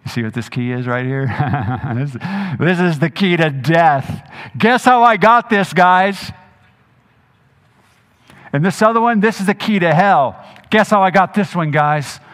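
A male pastor voicing the risen Jesus, loud and playful as he teases his listeners. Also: a little high, animated, measured pace, big-room sound, pitched above the performer's own voice. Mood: triumphant playful. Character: risen Jesus, triumphant, showing off keys.

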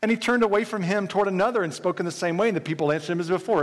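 A man preaching a sermon, retelling scripture in lively everyday paraphrase and voicing the characters. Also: sits high, rapid-fire, hardly any pauses, big-room sound. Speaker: pastor.

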